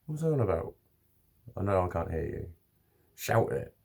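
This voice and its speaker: A man's voice: low voice, very animated, normal speed, gravelly, darkish tone. A man talking to camera in a rambling, casual vlog, swearing often and restarting his sentences. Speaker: vlogger.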